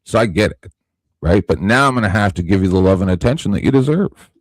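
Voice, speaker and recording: A man arguing heatedly on a stream, repeating himself and swinging between loud outbursts and low, quiet talk. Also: animated, quick pace, dry recording. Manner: repetitive, confrontational, swings from shouting to low and quiet. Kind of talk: heated argument on a live stream.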